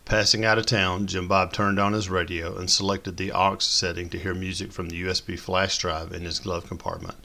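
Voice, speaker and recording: Man narrator, deep and forceful, steady descriptive audiobook reading. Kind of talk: scripted story narration.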